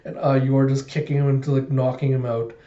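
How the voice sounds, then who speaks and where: Give me a man chatting through a manga recap, mellow tone, dull roomy audio. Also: medium pitch, little pitch movement, fast talker. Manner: chatty, filler-heavy retelling. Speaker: manga reviewer. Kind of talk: casual reaction recap.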